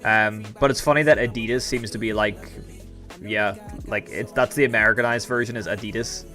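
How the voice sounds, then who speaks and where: A man's voice: fairly low pitch, fairly even intonation, brisk, bright, forceful tone, soft background music. Chatty Irish man streaming live. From Ireland. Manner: rambling, chatty, answers chat. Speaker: livestream host. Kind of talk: casual live-stream chat.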